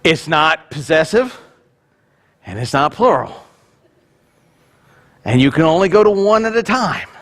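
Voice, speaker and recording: High-voiced male pastor preaching. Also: very animated, a little slow, long pauses, fairly bright tone. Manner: conversational, joking asides. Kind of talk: sermon.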